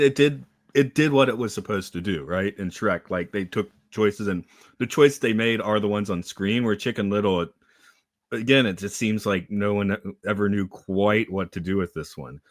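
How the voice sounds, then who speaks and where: Low-voiced man musing hesitantly. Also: no room sound, studio quality. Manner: hesitant, musing, many fillers. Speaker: podcast co-host. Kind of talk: casual discussion.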